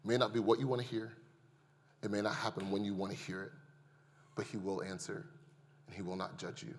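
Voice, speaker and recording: A man's voice: on the low side, flat delivery, fairly quick, in a large hall, a little hiss or hum. Man preaching with rising passion. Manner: builds from hushed to loud and impassioned; addresses the congregation as "y'all". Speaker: pastor. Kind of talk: sermon.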